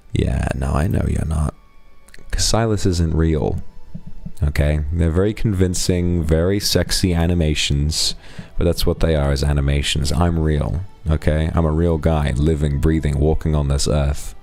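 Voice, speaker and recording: This young streamer's voice is extremely low, gravelly and a little mellow. He thanks donors and engages his audience in frank, teasing, casual banter.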